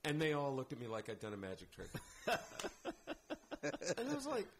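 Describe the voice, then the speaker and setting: A man's voice: a little high, huge pitch swings, normal speed. A man, a theater director guest on a podcast, telling anecdotes in casual chat and acting out the lines he quotes.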